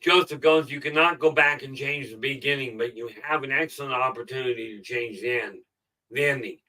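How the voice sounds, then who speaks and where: A middle-aged man giving a casual motivational talk on a live stream, rambling and filling pauses with "okay". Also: medium pitch, sharp tone, far from the mic, poor audio. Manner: rambling, frequent "okay" fillers. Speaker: self-help live streamer.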